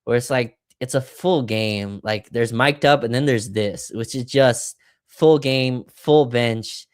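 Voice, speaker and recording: A man's voice: medium pitch, takes it slowly, smooth, no room sound, clean studio sound. A man co-hosting a sports podcast, talking through a game in a casual, analytical way and hedging his points. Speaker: podcast co-host. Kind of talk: casual sports recap chat.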